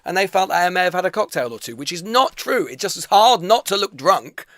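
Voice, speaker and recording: Fast, animated male podcast host. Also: high-pitched, dry recording, clean studio sound. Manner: rambling storyteller, many filler words. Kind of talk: casual live Q&A chat. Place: studio.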